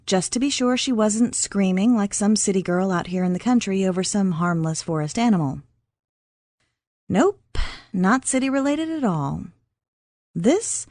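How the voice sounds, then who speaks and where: A woman narrating an audiobook in a measured, even reading. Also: medium pitch, no room sound, studio quality. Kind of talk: scripted narration.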